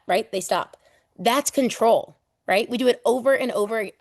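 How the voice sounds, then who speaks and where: A woman teaching a live online exam prep class, lively and playful, casual with swearing, acting out everyday examples. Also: mid-range voice, moderate pace, dry recording, clean studio sound.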